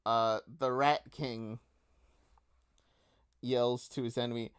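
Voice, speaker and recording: A man as game master narrating a tabletop game in an unhurried way, with fillers. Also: mid-range voice, clean tone.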